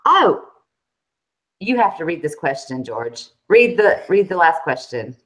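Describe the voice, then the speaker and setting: A Southern woman with a fairly low voice chats casually as a co-host. She is animated and talkative, and her pitch swings widely as she talks. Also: measured pace, rough recording. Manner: animated, chatty, laughs often. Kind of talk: casual chat.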